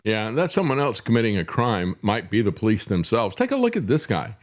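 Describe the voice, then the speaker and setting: A man's voice: fairly low pitch, very animated, a little fast. A male talk show host giving indignant, sarcastic commentary, with frequent fillers.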